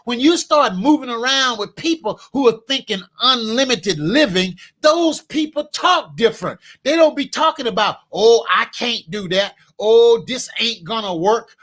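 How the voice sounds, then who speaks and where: A man coaching an audience with a high, bright-toned voice. He speaks in an emphatic, preacher-like rhythm, hammering phrases again and again. He turns aside now and then to ask a helper to note his points. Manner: emphatic, repetitive, preacher-like cadence; talks to a live helper during the talk. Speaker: business coach. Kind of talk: motivational coaching talk.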